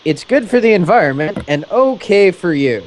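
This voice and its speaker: A man's voice: high voice, expressive, moderate pace, a little mellow, a little hiss or hum. A man mimicking a cheery ad announcer. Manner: sing-song ad delivery. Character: cheery male advertisement announcer.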